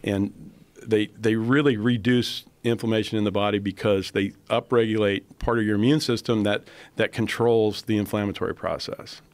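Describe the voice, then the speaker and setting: A man, a doctor, explaining a medical treatment in a steady, explanatory way. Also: on the low side, no room sound. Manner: explanatory, with fillers and restarts. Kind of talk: explaining to a host.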